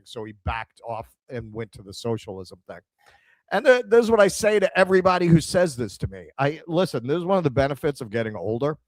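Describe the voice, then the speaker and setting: A middle-aged man with a New York accent, co-hosting a casual chat and telling a story with animated quoted dialogue. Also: mid-range voice, quick pace, no room sound. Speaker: podcast co-host.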